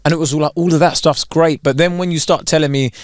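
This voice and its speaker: A man's voice: fairly high pitch, fast, no room sound, clean studio sound. A young man, co-hosting a casual podcast chat and ranting with mocking asides. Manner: animated ranting, mocking voices in quotes. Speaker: podcast co-host.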